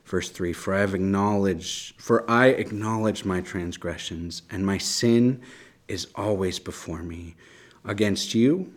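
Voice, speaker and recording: A man with a deep, low voice teaches a Bible passage to a small group. He talks in a loose, conversational way, reads scripture aloud, and keeps checking in with his listeners. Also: a little slow. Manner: conversational, often adds "right?".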